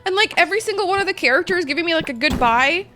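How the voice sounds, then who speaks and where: A woman's voice: very high voice, expressive, very fast, over music. A woman streamer chatting casually while gaming, rambling and emotional, with lots of "like" and swearing.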